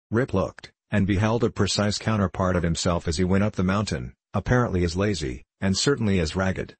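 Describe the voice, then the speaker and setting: A man reading a classic tale aloud as an audiobook narrator, in a steady, measured way. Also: low voice, breathy edge, no echo.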